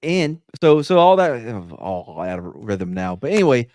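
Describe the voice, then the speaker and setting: A man's voice: medium pitch, big pitch swings, normal speed, a little mellow, no room sound, studio quality. A man, a former police officer hosting a podcast, telling stories in a blunt, profane, swaggering way. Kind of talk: casual podcast chat, storytelling.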